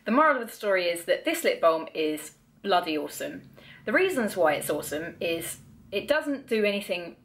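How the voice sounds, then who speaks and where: A woman's voice: on the low side, very animated, moderate pace, fairly bright tone. Young woman, casual beauty vlogger, chatty and blunt, swears a lot, self-mocking. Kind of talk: casual product review.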